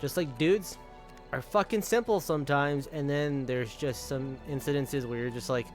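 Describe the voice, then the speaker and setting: A man's voice: medium pitch, moderate pace, soft background music. A young man streaming, casually telling a rambling story with frequent laughs and swearing. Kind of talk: casual storytelling while gaming.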